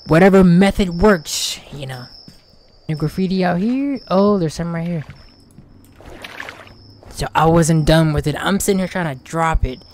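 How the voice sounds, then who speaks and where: A man's voice: on the high side, a little slow, long pauses, darkish tone, a little hiss or hum. A man hosting a gaming channel, giving casual, slangy let's play commentary.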